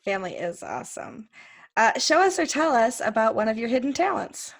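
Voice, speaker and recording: A woman with a fairly high voice hosts a casual interview. She asks questions and answers her guest briefly and encouragingly. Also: big pitch swings, a little fast, vocal fry. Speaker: interview host.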